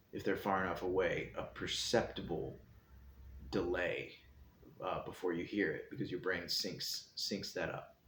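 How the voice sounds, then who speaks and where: A man hosting his own show, giving a calm, meandering explanation while seated indoors. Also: deep voice. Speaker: host. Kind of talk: casual reflective talk. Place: indoor room, seated in a chair. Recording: echoey room, faint background hiss.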